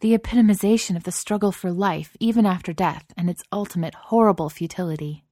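A woman's voice: medium pitch, fast talker, dark tone, dry recording, clean studio sound, voice pushed up, natural voice. A woman voicing a dramatic teenage girl with a florid, macabre way of talking. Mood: macabre relish. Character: intense teenage goth girl, Andrea, macabre enthusiast.

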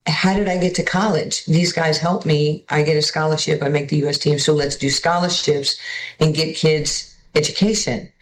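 A woman guest speaks at normal speed in a low-pitched voice, casually recounting stories with lots of animation. When she quotes people, she performs their voices, and the room she's in echoes.

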